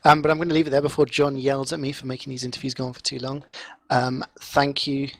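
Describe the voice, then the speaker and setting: A man's voice: medium pitch, flat delivery, fast, no echo. A man casting a game, chatting casually and laughing easily over online voice chat. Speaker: caster. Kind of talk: casual post-match chat.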